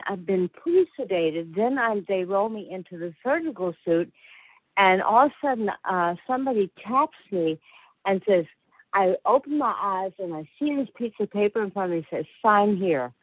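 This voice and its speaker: A woman phones in to a talk radio show, her voice mid-pitched and her speech emotional, urgent and halting. The line sounds dull and lo-fi, with a very dry quality. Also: no echo. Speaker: caller.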